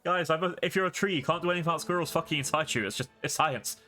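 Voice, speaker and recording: A chatty man streaming a role-playing game, talking to his chat in a rambling, joking way. His voice sits a bit high and sounds bright and forward, with soft music underneath. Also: rapid-fire. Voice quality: rambling, chatty, laughs often. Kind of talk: casual livestream gaming commentary.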